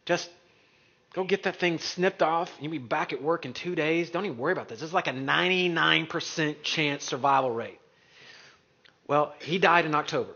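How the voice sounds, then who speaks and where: A middle-aged man speaking to an audience, telling a story in an animated way and acting out the voices of others. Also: on the high side, moderate pace, slightly rough. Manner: animated, acts out quoted voices. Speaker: real estate speaker. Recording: dull lo-fi recording.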